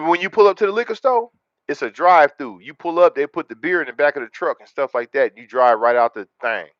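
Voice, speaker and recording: A man hosting a casual livestream, talking to viewers in a relaxed, slangy way. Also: on the high side, dry recording, lo-fi sound. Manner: laid-back, slangy, talks straight to chat. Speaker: livestream host.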